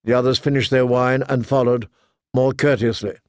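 A man reading a story aloud as narrator, with steady storytelling. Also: medium pitch, normal speed, no room sound, clean studio sound. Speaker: audiobook narrator. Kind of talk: scripted narration.

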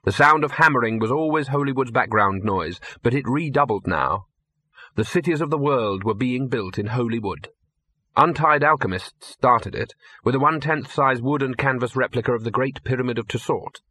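A man's voice: medium pitch, expressive, normal speed, sharp tone, husky, dry recording. A man reading a comic fantasy story aloud in a dry, wry storytelling manner. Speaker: audiobook narrator. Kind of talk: scripted narration.

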